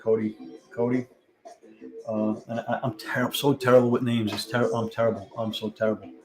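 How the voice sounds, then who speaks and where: A man's voice: medium pitch, level tone, fast, a crowd in the background, poor audio. A man hosting a live-stream trivia game, chatting casually and reading out viewers' answers as they come in. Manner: chatty, thinks aloud, reads out viewer answers. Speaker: livestream trivia host.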